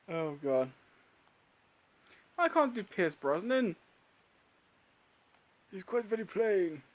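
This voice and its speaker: A man's voice: high-pitched, big pitch swings, slow, long pauses. A man hosting a live Q&A stream, chatting casually and laughing often as he answers viewers.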